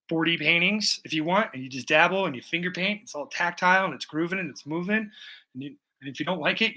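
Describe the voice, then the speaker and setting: A man's voice: a little high, sharp tone. A man chatting casually and profanely to his viewers while he paints, talking from his room at home. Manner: rambling, profane, jokey. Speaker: painting livestream host. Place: bedroom at home.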